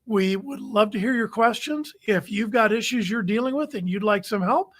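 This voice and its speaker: A man's voice: sits high, moderate pace, fairly bright tone. Firm, instructive male recruiting coach. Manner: firm, instructive, plain-spoken. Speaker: recruiting coach and show host. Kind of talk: direct-to-camera coaching tips. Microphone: camera-facing webcast.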